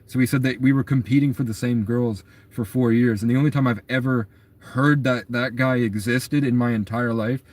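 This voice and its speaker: A young man talks in a loose, rambling monologue at a mid-range pitch. His telling is agitated and keeps running on from one thought to the next. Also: steady tone, moderate pace, darkish tone. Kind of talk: casual storytelling monologue.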